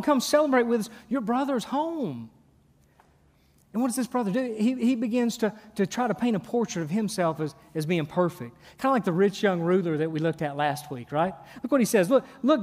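A middle-aged man preaching a sermon, his voice sitting high for a man. He is emphatic and animated, repeating words as he drives points home with questions. His voice rings out with long reverb through a big church hall. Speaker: pastor.

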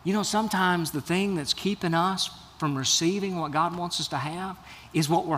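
A man's voice: high voice, normal speed, fairly bright tone, long reverb tail. A man preaching a sermon as a pastor, earnest and building to emphatic bursts.

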